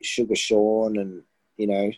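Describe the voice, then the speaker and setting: Husky, low Australian podcast guy. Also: flat delivery, unhurried, a little mellow, dry recording, low-quality recording. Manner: laid-back, lots of "you know". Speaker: podcast co-host. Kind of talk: casual chat. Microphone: remote call, patchy line.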